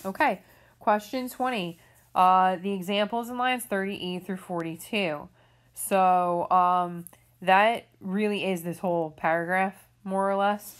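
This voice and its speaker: Slow and steady in tone, a woman English teacher with a mid-range voice talks students through reading questions during a recorded remote lesson. She is patient and explanatory, regularly checking in with "okay?".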